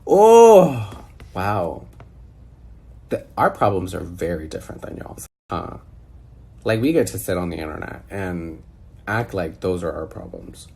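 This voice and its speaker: Man, sassy, exasperated, lively swooping pitch, slightly husky, video call. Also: unhurried. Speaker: commentator. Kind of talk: casual reaction chat.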